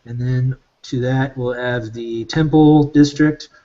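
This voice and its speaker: A man's voice: medium pitch, fairly even intonation, slow, dark tone. A man narrating a tabletop game as its game master. He rambles casually in an average voice and uses many fillers. The recording is dull and lo-fi.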